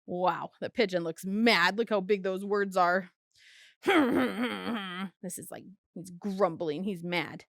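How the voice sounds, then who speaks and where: A woman teacher reading aloud to young children, gentle and encouraging, speaking slowly and clearly. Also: mid-range voice, no echo, studio quality. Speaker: elementary school teacher.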